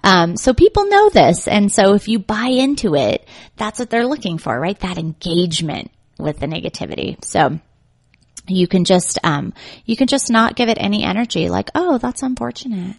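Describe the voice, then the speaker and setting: A woman's voice: mid-range voice, big pitch swings, normal speed. A woman executive coach chatting casually, acting out little quoted voices and laughing often. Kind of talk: casual advice chat.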